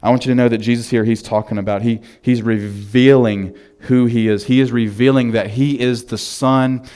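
A pastor preaching a sermon in a church, telling a story with lots of fillers before turning to prayer. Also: male voice, medium pitch, normal speed, clear, resonant tone. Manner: casual storytelling with fillers, animated retelling.

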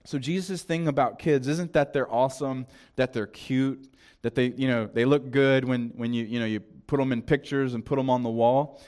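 Southern male pastor, chatty sermon delivery, mid-pitched voice. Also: fairly even intonation, a little mellow. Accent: Southern American. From American South. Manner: conversational preaching, quick asides and restarts.

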